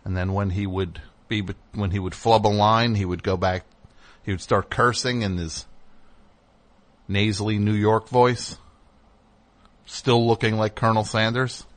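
This call-in radio host speaks from the studio in a steady tone, unhurried and pausing often. He's candid and rambling, cutting himself off mid-sentence, with his pitch leaping up whenever he gets fired up.

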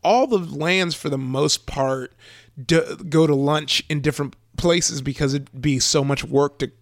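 A man's voice: a little high, no room sound, studio quality. A man who once worked at a theme park, chatting casually on a podcast, rambling with many restarts. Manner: rambling, restarts and fillers, quick laughs. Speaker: former theme park ride worker, guest.

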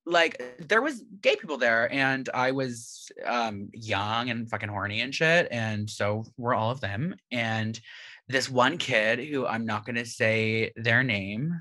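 A man's voice: medium pitch, lively intonation, takes it slowly, bright, forceful tone. A young man from Canada telling a rambling story in casual chat, with lots of "like". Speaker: guest.

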